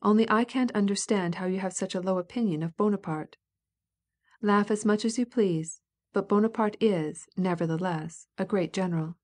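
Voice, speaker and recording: A woman voicing a measured, polite young prince in an audiobook reading. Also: medium pitch, a little mellow, natural voice. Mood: calm. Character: calm reasoning young male prince.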